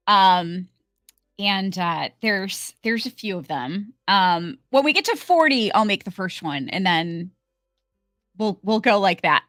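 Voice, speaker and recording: Woman streamer, chatty and filler-heavy, unhurried, dry voice. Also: medium pitch, pushed and bright, no echo. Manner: chatty, greets viewers by name, many fillers. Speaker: livestream host. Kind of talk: casual live-stream chat.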